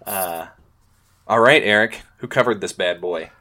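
Male podcast host, very low voice, relaxed and rambling, thirties. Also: measured pace. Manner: laid-back, trails off with fillers. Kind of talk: casual chat.

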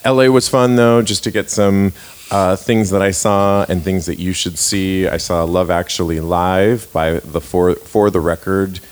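A man chatting casually, gushing and telling stories with animated enthusiasm. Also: low-pitched, unhurried. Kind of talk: casual chat.

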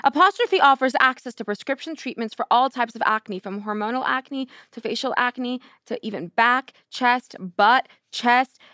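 A woman's voice: a little high, moderate pace, hardly any pauses, bright, forceful tone, clear, resonant tone, no room sound, studio quality. A young woman in her twenties, a podcast host doing sassy, playful ad reads and a slangy monologue. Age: 20s.

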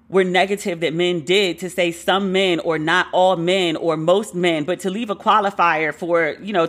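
A woman from Brooklyn with a New York accent tells a frank personal story to her audience. Her voice is bright and forceful, and her delivery is blunt and full of swearing. She slips into the other people's lines as she retells them. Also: lowish voice. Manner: blunt, profane, acts out quoted dialogue.

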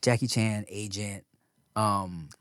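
A man's voice: lowish voice, steady tone, slow pace, a bit bright, dry recording, studio quality. A young American man hosting a casual chat, laid-back and swearing freely. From United States.

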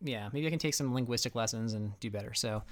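A man's voice: mid-range voice, fast. A man co-hosting a podcast, chatting playfully and laughing often. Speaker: podcast co-host. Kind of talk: casual chat.

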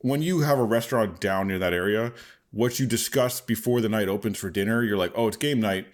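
A man's voice: on the low side, fairly quick. A man in his thirties, a podcast co-host, telling a story in casual chat and laughing often.

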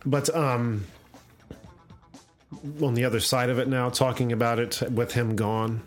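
Retelling a comic in a casual podcast chat, a man acts out each character's voice with lively storytelling. His voice is mid-range and his pace measured, with faint music in the background.

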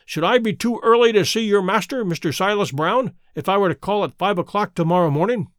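Man reading as a calm, assured detective. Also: high-pitched, brisk, no echo, studio quality, lightly acted. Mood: cool. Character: sharp, calm, self-assured male detective.

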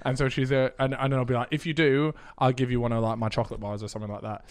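A man in casual podcast chat, telling animated childhood stories and laughing often. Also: medium pitch, rapid-fire, clear, resonant tone. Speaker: podcast host.

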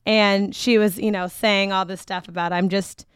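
A woman's voice: medium pitch, fairly even intonation, moderate pace, fairly bright tone, smooth, dry recording, clean studio sound. A woman co-hosting a podcast in casual chat, who laughs often and trails off mid-sentence. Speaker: podcast co-host. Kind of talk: casual chat recapping a reality show.

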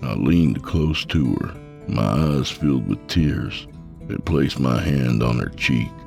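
A man narrating a grim first-person horror story in a measured voice. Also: rumbling low, animated, creaky. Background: soft guitar music.

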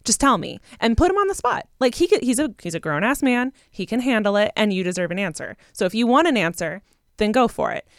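A woman's voice: on the high side, very animated, fast, no room sound, clean studio sound. Direct young woman giving advice. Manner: direct, encouraging. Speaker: podcast co-host. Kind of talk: casual advice chat.

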